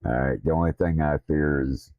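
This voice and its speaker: A man with a Southern drawl, a streamer talking casually in a blunt, profane, self-deprecating way, his deep voice slightly slurred from missing teeth. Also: steady tone, normal speed, no room sound, lo-fi sound. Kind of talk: casual rambling stream talk. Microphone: desktop streaming mic.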